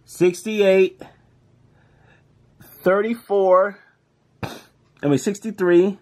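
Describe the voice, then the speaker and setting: A man speaks very slowly in a high-pitched voice while scratching lottery tickets. He reads the numbers aloud in slang, keeps up casual commentary, and breaks into excited yells.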